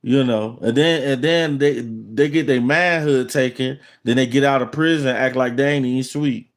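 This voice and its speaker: Speaking at a normal speed with a medium-pitched voice, this middle-aged man hosts his channel. He has an African American Vernacular English accent and lays into viewers with a repetitive monologue full of boasts and threats.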